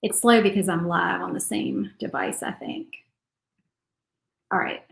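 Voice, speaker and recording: This woman keeps up a chatty live crafting session, talking through her thoughts as she paints. She speaks at a measured pace in a fairly low, creaky voice, and the low-quality audio has a roomy sound.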